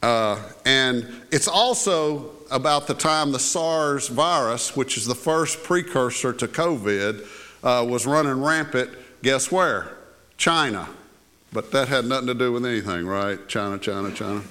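A man's voice: medium pitch, expressive, unhurried, pushed and bright. An older man preaching a sermon as pastor in a church, talking in a folksy, conversational way with asides and filler words. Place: church sanctuary.

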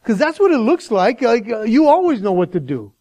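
Lively, high-voiced male preacher. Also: brisk, no echo, low-quality recording. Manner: animated, chatty, acting out voices with laughs. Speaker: pastor. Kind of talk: sermon.

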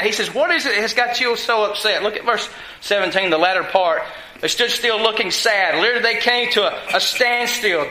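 A man's voice: high-pitched, bright, forceful tone, reverberant, low-quality recording. A man teaching a sermon on a Bible passage, reading verses aloud and talking to the room in a conversational way. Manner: conversational, checks in with listeners; reads scripture aloud. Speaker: preacher.

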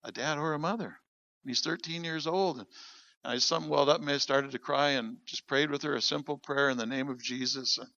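A man's voice: medium pitch, a little fast, dry recording, muffled recording. A middle-aged man preaching a sermon, telling stories and acting out the voices of the people in them. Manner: animated storyteller acting out quoted voices. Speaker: pastor. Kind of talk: sermon with storytelling.

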